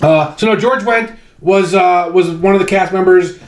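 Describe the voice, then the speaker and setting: A man's voice: high-pitched, normal speed, echoey room. A man from Chicago co-hosting a podcast, talking bluntly and profanely in casual chat. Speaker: podcast co-host.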